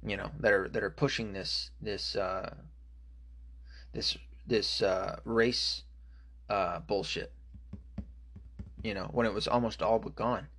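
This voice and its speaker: A man's voice: fairly low pitch, fairly even intonation, takes it slowly, long pauses, a bit bright, slightly rough. A man delivering an angry, profane political rant, full of fillers and restarts. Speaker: political commentator.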